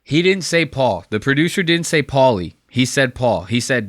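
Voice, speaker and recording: A man giving casual, profane reaction commentary, animated and mocking as he talks. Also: mid-range voice, normal speed, few pauses, dry recording, clean studio sound.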